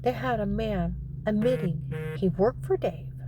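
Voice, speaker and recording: A woman's voice: medium pitch, a little slow, noisy background. A woman telling a personal account in an agitated, rambling way. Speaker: vlogger.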